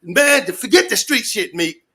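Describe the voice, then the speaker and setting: A man ranting loudly and profanely in street slang, rambling and repeating his catchphrases. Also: sits high, animated, a little slow. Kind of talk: animated rant to an interviewer.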